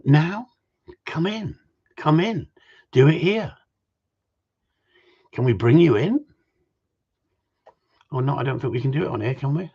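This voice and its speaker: A man's voice: on the high side, lively intonation, unhurried, gravelly, pauses often, darkish tone, breathy edge, muffled recording. A man, a gundog trainer chatting casually on a livestream, blunt and opinionated and given to repeating himself.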